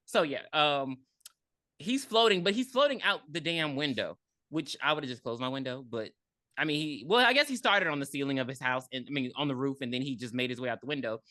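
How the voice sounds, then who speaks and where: With a bass voice and a slightly fast delivery, this podcast co-host casually runs through a movie's plot, animatedly voicing the characters in quotes. There's no room sound at all.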